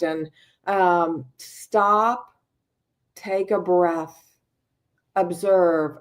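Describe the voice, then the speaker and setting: Slow, calm woman teaching mindfulness. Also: medium pitch. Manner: unhurried, calm instructive tone. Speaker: mindfulness speaker. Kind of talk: mindfulness talk with guided breathing.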